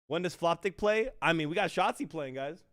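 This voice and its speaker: A man casting an esports match on a livestream in a relaxed, chatty way, talking to his chat. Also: fairly high pitch, brisk, no echo, studio quality. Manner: laid-back, chatty, apologetic about the stream. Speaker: esports caster. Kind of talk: casual livestream commentary.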